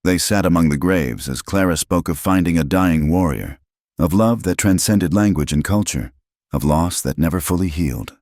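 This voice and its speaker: A man reading a frontier tale as scripted narration in an even storytelling manner. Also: sits low, normal speed, no echo, clean studio sound.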